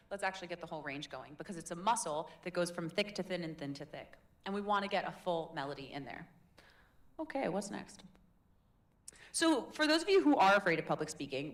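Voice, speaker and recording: A woman's voice: fairly low pitch, sing-song, brisk. Chatty woman coaching a workshop. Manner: chatty, demonstrative, encouraging. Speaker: public speaking coach. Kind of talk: live workshop teaching. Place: meetup room in a tech hub.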